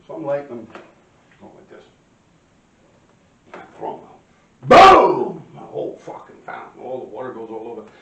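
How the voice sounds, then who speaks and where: A gravelly-voiced man tells his stories in a loose, profane street style, clearing his throat between lines. He sits away from the mic in an echoey room. The audio is dull, with faint noise underneath. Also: mid-range voice, darkish tone. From New York. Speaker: vlogger telling life stories. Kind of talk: casual storytelling to camera. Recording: roomy, distant, dull-sounding.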